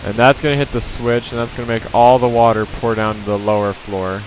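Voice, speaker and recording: A man's voice: mid-range voice, flat delivery, a little fast, slight background noise. A man giving casual gameplay commentary as a let's play host, rambling with lots of fillers and self-corrections.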